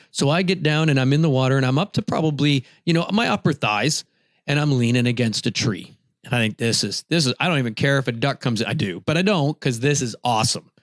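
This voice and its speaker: A man co-hosting a podcast, casually telling a hunting story. His voice leaps up high when he acts out his own shouting. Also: no room sound, studio quality. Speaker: podcast co-host.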